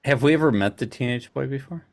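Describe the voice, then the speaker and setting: A man playing in a tabletop game, who chats casually, jokes and asks quick questions. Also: mid-range voice. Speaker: player.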